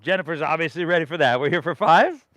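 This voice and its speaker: A man's voice: on the high side, fast talker, a bit bright, no room sound. A middle-aged man from leading a live yoga class, giving rhythmic breath and pose cues with casual, encouraging asides. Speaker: yoga instructor.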